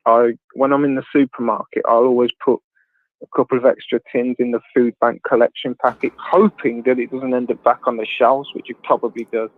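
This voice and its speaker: A man's voice: medium pitch, level tone, a little fast, no echo. Blunt rambling man on a tinny line. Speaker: livestream host. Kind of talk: casual chat. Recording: tinny phone-like line, dry.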